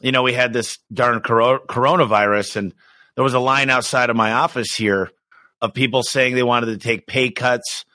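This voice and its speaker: A middle-aged man talking in a casual podcast interview, energetic and emphatic, often restarting his sentences. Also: mid-range voice, dry recording. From United States. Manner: energetic, emphatic, quick restarts, acts out quoted voices. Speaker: business owner guest.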